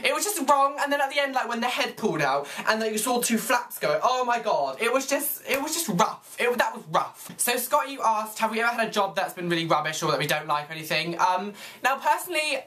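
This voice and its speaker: A young man with a British accent vlogging in a gushing, expressive way, rambling with lots of fillers. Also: extremely high pitch, fairly quick, hardly any pauses. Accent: British English. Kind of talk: casual chatty vlog.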